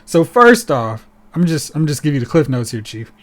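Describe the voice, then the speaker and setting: Animated, sarcastic man on a podcast. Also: fairly high pitch, moderate pace. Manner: animated and sarcastic, mocking characters in put-on voices. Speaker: podcast host. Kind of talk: casual podcast chat.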